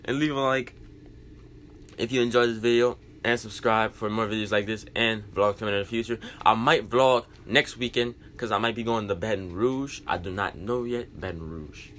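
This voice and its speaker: A man's voice: fairly low pitch, fairly even intonation, normal speed, a bit bright, slight background noise. A young man reacting to a video and rambling casually to his viewers as a vlogger. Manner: loose, rambling, apologetic asides. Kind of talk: casual vlog talk.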